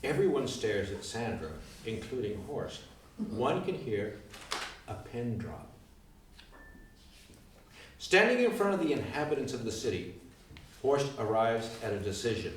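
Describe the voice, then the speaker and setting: Guy reading stage directions, bouncy lively delivery, far off in an echoey room. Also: medium pitch, unhurried, pauses often, slight background noise. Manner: lively, expressive read-aloud. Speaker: narrator.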